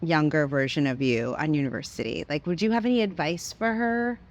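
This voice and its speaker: A woman hosting an interview, affirming her guest with soft murmurs and playful riffs in casual conversation. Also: deep voice, a little fast, highs cut off. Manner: affirming, frequent soft mm-hmms, playful riffing. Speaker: host.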